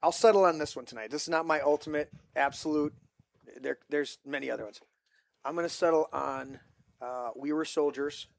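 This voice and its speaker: A man hosting a casual movie podcast, talking excitedly, swearing often and rambling with restarts. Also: a little high, moderate pace, creaky, no room sound. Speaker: podcast host.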